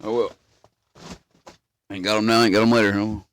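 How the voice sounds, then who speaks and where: A man's voice: fairly low pitch, little pitch movement, a little fast, a bit bright. A man chatting casually in a laid-back, easygoing way. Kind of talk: casual chat.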